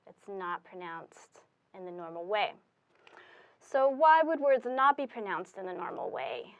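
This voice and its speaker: A woman's voice: mid-range voice, big pitch swings, dull audio. A woman teaching Spanish, explaining step by step with fillers as she writes on a board. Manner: slow, deliberate explaining with fillers. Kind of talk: classroom explanation at a whiteboard.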